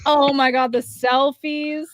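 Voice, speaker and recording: Her voice sits a little high and is recorded dry and close, with no room around it. She sounds effusive and emphatic, laughing often in a casual chat about games. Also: flat delivery, slow pace, no room sound. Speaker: co-host.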